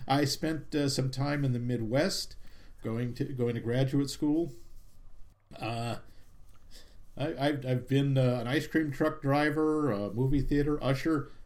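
A man's voice: mid-range voice, a little mellow. A man from the greater Boston area, co-hosting a movie podcast in casual chat, joking and self-deprecating. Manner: jokey, self-deprecating, quick with puns and references. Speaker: podcast co-host.

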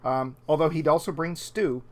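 A man's voice: fairly high pitch, moderate pace, a little mellow. Rambling man chatting about films. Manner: rambling, self-interrupting with fillers. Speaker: podcast co-host. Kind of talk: casual film review chat.

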